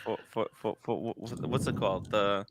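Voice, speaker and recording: A man on a casual video-call watch podcast panel, jokey and animated, laughing often. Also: on the low side, moderate pace, noisy background. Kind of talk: casual chat.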